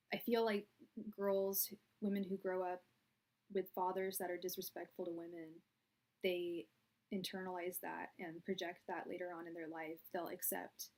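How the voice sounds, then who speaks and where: A young woman doing a live-stream tarot reading, chatty and blunt, talking straight to her viewers. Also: fairly low pitch. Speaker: tarot reader.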